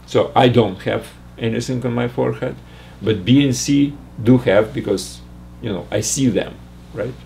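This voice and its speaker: An older man teaching math, working slowly through a logic puzzle aloud with frequent restarts. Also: mid-range voice, gravelly, mellow, slight background noise. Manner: halting, restarts and fillers while reasoning aloud. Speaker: math lecturer.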